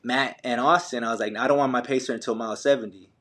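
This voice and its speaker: A man's voice: mid-range voice, fairly even intonation, fast talker, a bit bright. A young adult man, a podcast guest, telling a running story in a casual, slangy way full of fillers and restarts. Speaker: podcast guest, ultramarathon runner.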